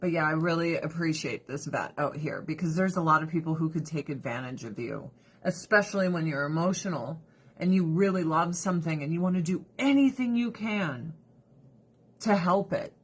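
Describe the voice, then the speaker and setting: Husky-voiced woman chatting bluntly. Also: deep voice, normal speed. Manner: candid, blunt, swears freely, laughs often. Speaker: livestream host and Avon seller. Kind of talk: casual chat.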